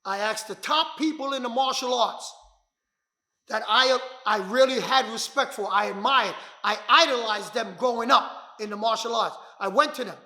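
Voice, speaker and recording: A martial arts instructor telling his story as a motivational talk, emphatic and repetitive, often bursting into shouts. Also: extremely high pitch. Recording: echoey room.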